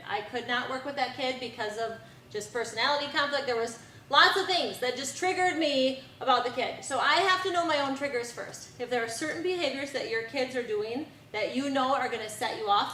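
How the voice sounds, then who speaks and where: Speaking to parents at a community event about preventing bullying, a middle-aged woman uses a fairly high, bright, forceful voice. She is earnest, says "um" a lot and keeps restating her main advice. The audio is distant and echoey, with slight hiss or hum.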